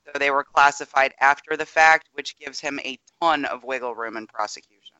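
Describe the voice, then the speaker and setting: A man co-hosting a podcast, explaining political news in a measured, careful way with some hesitations. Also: mid-range voice, sharp tone, clear, resonant tone, no room sound, highs cut off. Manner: measured, explanatory, hedging with ums. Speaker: podcast co-host. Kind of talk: casual political chat.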